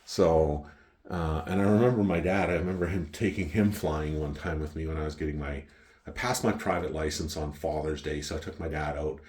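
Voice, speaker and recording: Brief: middle-aged Canadian man with a very low voice, chatty and profane storyteller. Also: brisk, darkish tone. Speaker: vlogger. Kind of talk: rambling storytelling. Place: home wine cellar.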